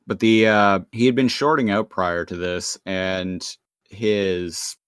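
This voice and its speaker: A man's voice: sits low, steady tone, slow pace, fairly bright tone, smooth, no echo, studio quality. A man co-hosting a podcast, recapping an episode in casual, rambling chat. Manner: rambling, laughing, restarts sentences. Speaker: podcast co-host.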